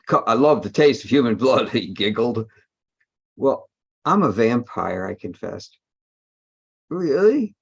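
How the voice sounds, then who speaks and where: Man, comic dramatic reading, playful, lively swoops, muffled lo-fi audio. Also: medium pitch. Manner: playful, theatrical, laughing. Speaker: co-host reading aloud. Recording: dull lo-fi sound.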